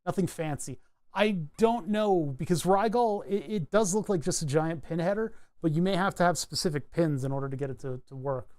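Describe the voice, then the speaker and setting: A man's voice: fairly high pitch, brisk, darkish tone. A man chatting casually on a live stream while designing a circuit board, rambling with wry asides and frequent self-corrections.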